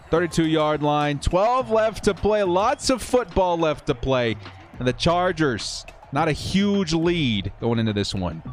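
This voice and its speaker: A young man hosting a live stream, calling a football video game and chatting with viewers in a casual, upbeat way, laughing often and repeating words. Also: medium pitch. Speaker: streamer and host of a football simulation channel. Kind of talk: live stream game commentary with chat replies.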